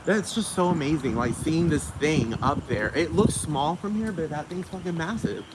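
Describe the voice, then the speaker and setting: A man's voice: on the high side, expressive, normal speed. A man hosting a one-man podcast outdoors, ranting casually with lots of profanity and constant "like" fillers. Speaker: podcast host. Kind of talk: casual rambling monologue. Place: outdoors near a road with passing traffic. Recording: loud outdoor traffic noise. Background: cars and street traffic.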